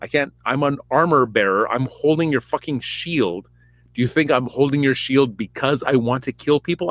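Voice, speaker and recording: A man's voice: mid-range voice, a bit bright, dry recording, natural voice. A man voicing a self-righteous young armor bearer who rants and swears. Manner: profane, self-righteous ranting.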